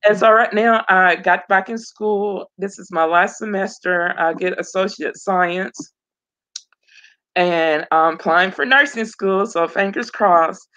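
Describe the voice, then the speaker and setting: A woman's voice: mid-range voice, takes it slowly, a bit bright. A woman, a mother of twins, telling her personal story as an interview guest in an earnest way, often repeating phrases. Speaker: program graduate guest. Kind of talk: emotional personal testimony.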